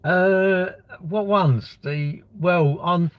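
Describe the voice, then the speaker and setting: A man's voice: high-pitched, drawn-out words, dry recording, lo-fi sound. A man, chatting on a live stream in a rambling, blunt way, with crude banter and answers to viewers' comments. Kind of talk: casual live-stream chat.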